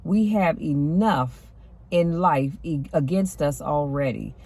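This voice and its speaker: A woman's voice: deep voice, slow pace, mellow. A woman host giving an encouraging faith talk, speaking in an exhorting, preachy way. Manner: preachy, exhorting, calls out "come on now". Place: parked car.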